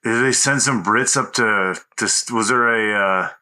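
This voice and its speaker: A man co-hosting a comedy podcast, easygoing and prone to halting restarts as he riffs. His voice is very bright and forceful, at a middle pitch. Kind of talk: casual comedic chat.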